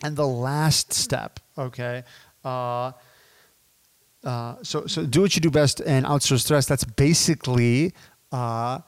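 A man in his thirties teaching business as a podcast guest, animated and casual, addressing listeners as dude and my friends. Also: medium pitch, dry recording. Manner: acts out sales calls in quoted voices.

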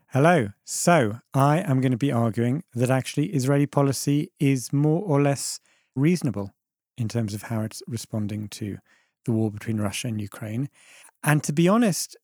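A man's voice: medium pitch, darkish tone, dry recording, studio quality. A man arguing his side as a debate panelist, thoughtful and hedging, often restarting his phrases. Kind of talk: debate argument.

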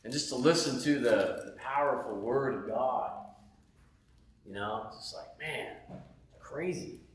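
Animated man preaching in an echoey room. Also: mid-range voice, measured pace. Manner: casual and animated, says "man" and "right?" often. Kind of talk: sermon testimony. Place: at home.

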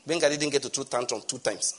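A middle-aged man preaching a sermon as pastor, animated, swinging from loud exclamations to soft asides. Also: medium pitch, fast.

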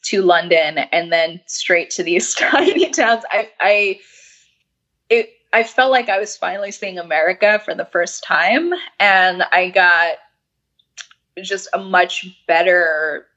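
Brief: young adult woman, slightly hoarse, rambling guest, low and unhurried, muffled lo-fi recording. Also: pushed and bright. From New York City. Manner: rambling, frequent restarts and laughs. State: losing her voice. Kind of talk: casual interview conversation. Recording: dull lo-fi audio.

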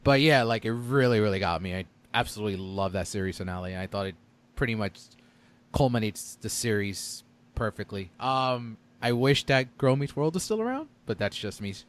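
A young man hosting a casual chat, telling things in an earnest, animated way. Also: lowish voice, fairly quick.

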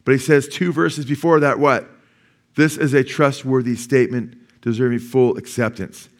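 With a medium-pitched voice, fairly even intonation, and normal speed, a pastor in his sixties preaches to his church. He keeps asking the congregation things, waits for them to answer, and repeats key lines for emphasis.

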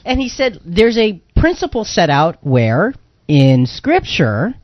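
A man hosting a live radio talk show on faith, talking in an animated, emphatic, preacher-like way. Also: high-pitched, takes it slowly, no room sound, muffled recording.

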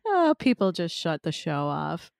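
A woman's voice: low-pitched, very animated, slow, gravelly, no echo, clean studio sound. A woman co-hosting a podcast in casual chat, rambling and swearing with frequent laughs. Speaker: podcast co-host.

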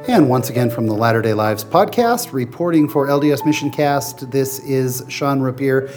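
A man hosting a podcast, introducing his guest with measured, formal delivery. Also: mid-range voice, animated, music in the background. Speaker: podcast host.

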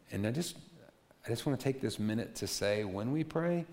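A middle-aged man preaching a sermon in a conversational, animated way, with playful asides. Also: mid-range voice, moderate pace, a little hiss or hum. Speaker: pastor.

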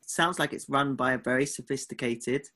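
A man co-hosting a podcast with casual banter, teasing his partner in a quick-fire, mock-exasperated way. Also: mid-range voice, pushed and bright. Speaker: podcast co-host.

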